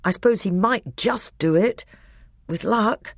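A woman voicing a tense, loyal boy who makes quick remarks in a storybook reading. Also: medium pitch, no echo, clean studio sound, pitched above the performer's own voice.

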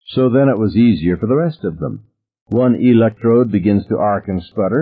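Man, audiobook narration, lowish, lively pitch, vivid storytelling. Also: moderate pace, breathy edge. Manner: vivid first-person storytelling, voices characters. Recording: narrow phone-like audio.

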